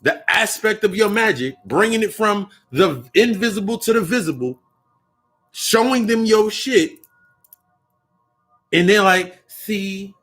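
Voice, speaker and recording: A man's voice: sits high, animated, a little slow, a bit bright, slightly rough, soft background music. A young man talking in a casual spiritual monologue, profane and rambling, often repeating and restarting his phrases. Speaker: occult vlogger.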